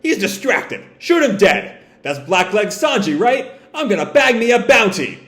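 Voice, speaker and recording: Man doing a brash high pirate grunt. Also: big pitch swings, normal speed, fairly bright tone. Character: brash male pirate grunt, bounty-hungry. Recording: roomy echo.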